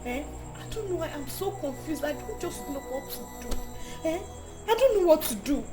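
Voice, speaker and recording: An actress with a Nigerian accent playing a worried wife who pleads and keeps asking "eh?". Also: female voice, high-pitched, expressive, normal speed, over music. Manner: pleading, exclaims "eh?". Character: worried wife falsely accused of cheating.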